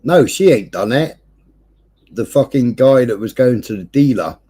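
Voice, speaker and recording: A man, hosting a livestream and telling a neighbourhood story in casual chat, swearing nonstop with animated delivery. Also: medium pitch, a little slow, husky. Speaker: livestream host. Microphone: streaming setup.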